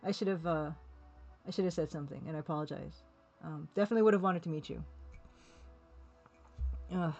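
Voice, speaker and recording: A woman's voice: low voice, brisk, pauses often, a little mellow, muffled recording, soft background music. A woman streaming live, chatting casually and rambling while reading viewers' comments, laughing now and then. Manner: chatty, rambling, laughs often, reads chat aloud.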